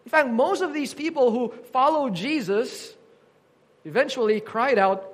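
A man's voice: extremely high pitch, measured pace. A man preaching an earnest teaching sermon, quoting scripture with emphasis.

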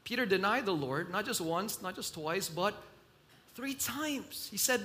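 A man preaching a sermon in a slow, emphatic delivery that swells loud and drops soft. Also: high voice, animated.

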